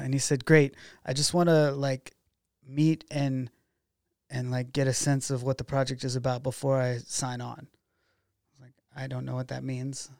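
A man speaking at an ordinary pitch tells a story to a podcast host, slipping into other people's voices as he quotes them. His tone is gravelly with a light creak. The sound is dry and close-miked with no room around it. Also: no echo. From Oregon. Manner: animated storyteller who acts out quoted dialogue. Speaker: documentary filmmaker guest. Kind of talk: casual storytelling interview.

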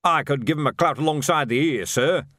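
A man's voice: a little high, brisk, fairly bright tone, no echo, clean studio sound, voice pushed up. A man voicing a blunt, terse veteran trooper.

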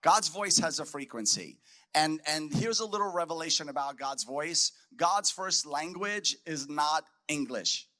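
Male preacher, bright, slightly high, emphatic delivery, conference sermon. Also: animated, measured pace. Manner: emphatic, repeats key phrases. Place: conference hall.

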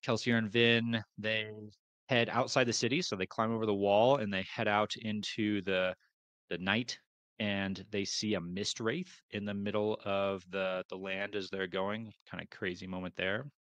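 A man's voice: lowish voice, flat delivery, normal speed, fairly bright tone, dry recording, lo-fi sound. A man co-hosting a podcast, casually summarizing book chapters and hesitating over unfamiliar names. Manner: hesitant, restarts, unsure of names. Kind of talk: casual chat.

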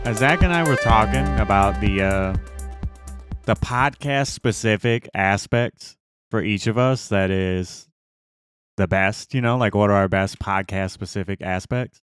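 A man's voice: fairly low pitch, a little slow, over music. A man co-hosting a podcast in casual chat, joking and self-mocking as he rambles along. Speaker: podcast co-host.

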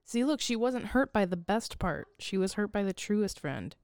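A woman's voice: medium pitch, expressive, normal speed, darkish tone, smooth, dry recording, studio quality. Swearing woman with a wide-ranging voice. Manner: chatty commentary, profane, amused. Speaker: co-host watching a show. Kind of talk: casual reaction chat. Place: indoor room, lying on the floor. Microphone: wired mic with cord.

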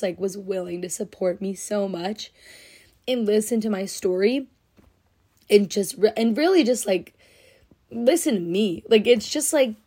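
A young woman talks through her solo podcast in an easy, chatty way. She gushes and fills her sentences with "like". Her voice sits at a middle pitch and sounds teary, as if she is close to crying. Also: warm tone, breathy edge. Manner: gushing, heavy use of "like", emotional and teary. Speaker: podcast host. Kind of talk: casual solo podcast chat.

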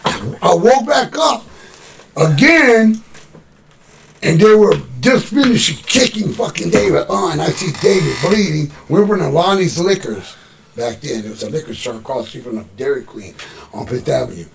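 A man's voice: on the high side, normal speed, gravelly, a little hiss or hum. A man casually telling a street story from his youth, swearing freely and acting out what others said. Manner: profane, animated street storyteller acting out quotes.

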